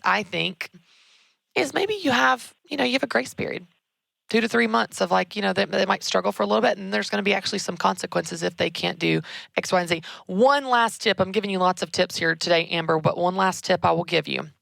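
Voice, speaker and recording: A woman, hosting a show and giving emphatic, animated career advice. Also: medium pitch, brisk, gravelly, no room sound. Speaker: podcast host. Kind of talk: conversational advice.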